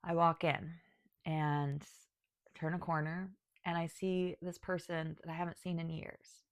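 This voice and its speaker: A woman's voice: low voice, flat delivery, measured pace, no room sound, studio quality. A woman talking to camera about her spiritual path, emotional and choking up, sighing and restarting as she speaks. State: tearful. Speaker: spiritual guide and video creator. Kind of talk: personal talk to camera.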